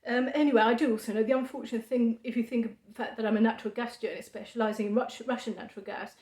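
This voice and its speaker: A woman talking to camera in a halting monologue of dry sarcasm, full of fillers. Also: on the high side, steady tone, darkish tone. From United Kingdom. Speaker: vlogger. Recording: echoey room.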